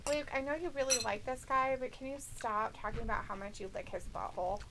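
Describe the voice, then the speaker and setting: A woman's voice: high-pitched, brisk, heavy background noise. A woman co-hosting a casual livestream at home, reading viewer comments aloud in a teasing, giggly way. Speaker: livestream co-host.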